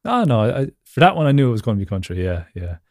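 A man's voice: mid-range voice, very animated, quick pace, darkish tone, no room sound, clean studio sound. A man as a guest on a video-call interview, rambling casually with lots of fillers and frequent laughs. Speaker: podcast guest.

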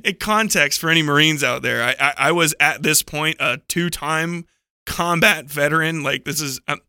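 A man's voice: a little high, normal speed, pushed and bright, clear, resonant tone, no echo, studio quality. A man on a book club podcast, telling a rambling, profane anecdote full of "like" and self-corrections. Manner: profane, digressive storytelling with frequent laughter; heavy use of "like" and self-corrections.

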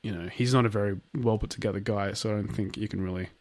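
Aussie guy cohosting a podcast, lowish voice, laid-back and wry, swears a bit. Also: fairly even intonation, fast talker, darkish tone, no echo. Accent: Australian. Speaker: podcast co-host. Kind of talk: casual chat.

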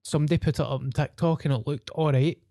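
Deadpan glasgow guy on a podcast, swears a lot, mellow voice, dry close sound. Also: a little high, fast talker, gravelly, no room sound. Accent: Glaswegian. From Scotland. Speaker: podcast co-host. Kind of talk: casual chat.

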